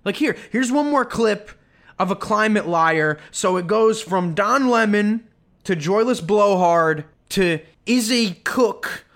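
Male podcast host with a high-set voice, sarcastic and indignant, ranting commentary. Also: expressive, slow pace, fairly bright tone.

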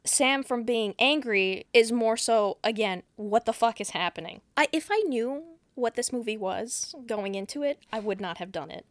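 Woman podcast co-host, higher voice, dry close sound, casual sweary plot recap. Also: expressive, normal speed, hardly any pauses, dry recording. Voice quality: swears freely, acts out quoted lines.

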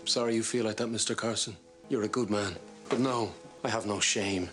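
An actor playing a proud, defiant young chauffeur in a period drama, speaking calmly and firmly. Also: male voice, on the low side, normal speed, soft background music, natural voice. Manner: calm, firm and dignified.

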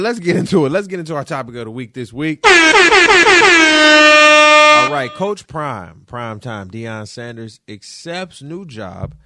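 A man hosting a solo podcast, talking casually in an animated, emphatic, slangy way. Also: medium pitch, no room sound, clean studio sound. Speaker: podcast host.

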